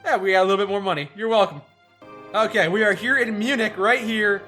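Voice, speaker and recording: A man hosting a casual game playthrough, joking with deadpan sarcasm and reading the narration aloud. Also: high voice, fast talker, faint music behind. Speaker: let's play host.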